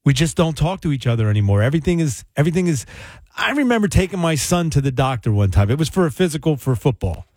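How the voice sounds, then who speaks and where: A man's voice: a little high, sing-song, fast, a little mellow, no echo. A middle-aged man hosting a call-in radio talk show in a studio. He talks casually and with animation, repeating and restarting phrases and chuckling now and then.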